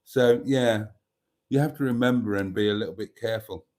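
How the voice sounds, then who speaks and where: A man's voice: fairly low pitch, brisk, darkish tone. A man hosting a live stream, chatting casually and reading viewer comments aloud.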